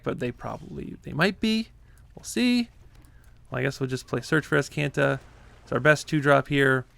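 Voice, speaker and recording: A man's voice: mid-range voice, vocal fry, a bit bright, dry recording. A man giving live commentary on his own card game play, chatty and easily flustered, laughing often. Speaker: gaming content creator.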